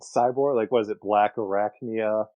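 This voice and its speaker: Young dude chatting w friends, jokey, goes off on tangents, dry mic. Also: male voice, on the low side, steady tone, moderate pace, mellow, no room sound, highs cut off. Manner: joking, tangent-prone. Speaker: podcast co-host. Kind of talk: casual chat among friends.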